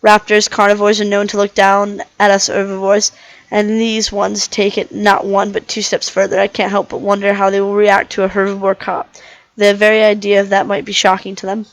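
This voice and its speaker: A woman's voice: mid-range voice, completely flat delivery, moderate pace, no room sound, lightly acted, poor audio. Woman reading as a cynical dinosaur detective. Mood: weary. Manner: plain first-person narration, restarts over misread words. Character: weary cynical herbivore dinosaur detective, male. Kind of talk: reading a visual novel aloud.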